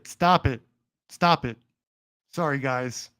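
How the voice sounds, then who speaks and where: A man's voice: medium pitch, slow pace, sharp tone, soft background music. A young man hosting a casual livestream who jokes around in a playful, mock-boastful way and talks straight to his chat. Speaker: livestream host.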